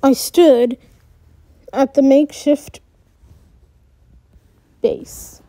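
A woman's voice: high-pitched, warm tone, dry recording. A woman reading a first-person story aloud, with restarts and little asides. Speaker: story reader.

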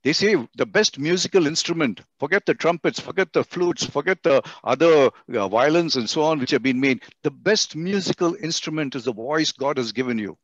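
Expressive Indian English speaker in a dry webinar. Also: male voice, brisk, hardly any pauses, dry recording. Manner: expressive, swings his voice high and low to demonstrate. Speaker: guest speaker on communication. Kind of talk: webinar lecture. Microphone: computer mic on a video call. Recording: dry, dull webinar audio.

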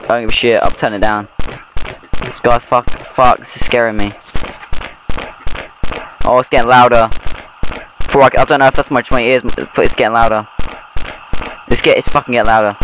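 A man's voice: medium pitch, noisy background. A young man giving nervous, swear-filled commentary while playing a horror game. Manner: jumpy, swearing, nervous rambling. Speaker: gameplay streamer. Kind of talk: horror let's play commentary. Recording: game music behind the voice.

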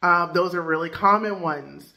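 A woman's voice: lowish voice, normal speed, gravelly, bright, forceful tone. A woman life coach giving casual, chatty advice with lots of fillers. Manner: loose, filler-heavy, chatty.

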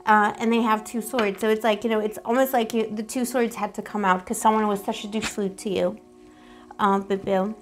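A woman gives a tarot reading to the camera, casual and rambling, playful and affectionate, giggly and self-teasing, using lots of pet names and giggles. Her mid-range voice keeps a level tone at normal speed, with faint music in the background.

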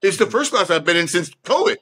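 A man's voice: high voice, big pitch swings, fast, bright, forceful tone, husky. A man who is an actor, talking earnestly in an interview and repeating phrases like a pep talk to himself. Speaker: actor, podcast guest.

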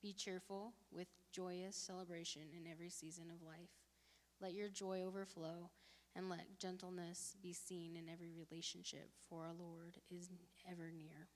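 Woman, scripture reading, careful and steady, somewhat low voice, echoing hall. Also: normal speed. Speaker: congregation member reading scripture. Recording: reverberant hall.

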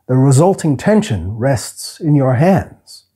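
A man reading aloud, voicing a humble, polite little male healer who speaks formally and slowly. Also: mid-range voice, sing-song, warm tone, breathy edge, full character voice. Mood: calm, courteous. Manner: formal, soothing, slow and careful.

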